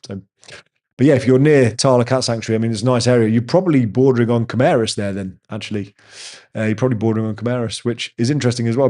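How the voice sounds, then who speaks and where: A man's voice: fairly low pitch, darkish tone. A man, hosting a casual live chat with viewers and telling rambling stories. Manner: rambling, chatty storyteller. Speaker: host answering viewer chat.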